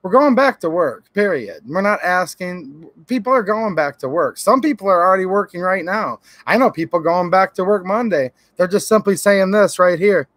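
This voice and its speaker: A man from Michigan hosts a casual livestream. He talks in a fairly high voice and greets his viewers by name, friendly and opinionated. The sound is dry and close, with no room echo. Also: animated, moderate pace, hardly any pauses, fairly bright tone. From Michigan, USA. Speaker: YouTube channel host. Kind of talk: casual livestream chat reading viewer comments.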